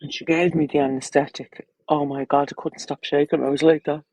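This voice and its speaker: A woman's voice: deep voice, flat delivery, normal speed, warm tone, no room sound, rough recording. An Irish woman with children, chatting bluntly and crudely on a casual livestream, rambling from topic to topic. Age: adult, with children.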